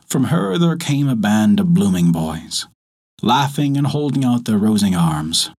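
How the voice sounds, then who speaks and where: A man reading a folktale aloud as a storyteller, in measured, expressive narration. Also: fairly low pitch. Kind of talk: scripted narration.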